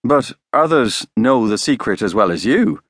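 Man reading a brisk, blunt reporter. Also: medium pitch, animated, no echo, clean studio sound, close to an everyday voice. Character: plain-spoken male newspaper correspondent.

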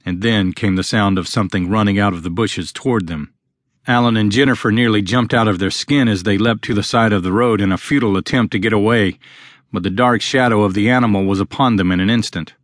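A man narrating a novel as an audiobook, reading steadily and in a measured way. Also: on the low side, dry recording, studio quality. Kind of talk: scripted narration.

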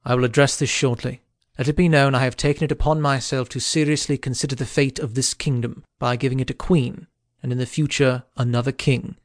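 A man narrating an audiobook, voicing a bold, commanding king in a measured, kingly manner. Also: mid-range voice, fairly even intonation, dry recording, studio quality, close to an everyday voice.

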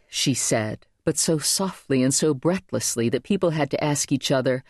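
A woman's voice: moderate pace, hardly any pauses, no room sound, studio quality. A woman reading a contemporary novel aloud as an audiobook narrator, lifting her voice for the characters. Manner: lively, voices characters with raised pitch. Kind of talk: scripted narration.

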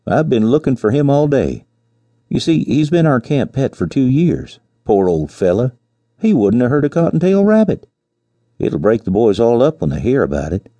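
A man voicing a smooth-talking young cowboy who spins a tale in a folksy, mock-mournful way. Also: on the low side, warm tone, dry recording, pitched above the performer's own voice, heavily acted.

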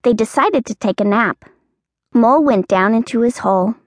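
A woman narrating a children's audiobook in a clear, expressive storytelling manner. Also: on the high side, moderate pace, no room sound.

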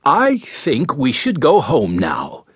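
Casting note: a kindly old grandfather, read by a man. Calm, measured and slightly husky, in a storybook. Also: mid-range voice, no echo, clean studio sound, full character voice. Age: over 60. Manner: calm, measured, gently teasing. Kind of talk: audiobook character voice.

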